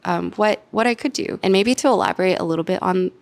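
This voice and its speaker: A woman's voice: fairly low pitch, fast talker, creaky, no room sound. A young woman in her twenties sharing a personal life update on her vlog, heartfelt and emotional, with many "like"s and "um"s. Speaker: YouTuber and podcaster.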